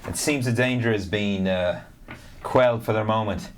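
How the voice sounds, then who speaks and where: A man's voice: on the low side, moderate pace, a little hiss or hum. A man playing a healer character in a tabletop game, earnest in character and giggly out of it. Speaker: player. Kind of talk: casual tabletop play.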